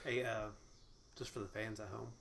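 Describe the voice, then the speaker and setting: A man's voice: on the low side, little pitch movement, moderate pace, gravelly, a bit bright, slight background noise. A man co-hosting a casual podcast, playfully arguing and spinning goofy hypotheticals. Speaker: podcast co-host. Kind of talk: casual joking chat.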